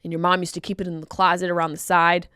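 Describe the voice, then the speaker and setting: A woman comedian hosting her podcast, talking casually and jumping into high, loud exclaims. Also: fast talker, smooth, no room sound, clean studio sound. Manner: animated, jumps into high exclaims.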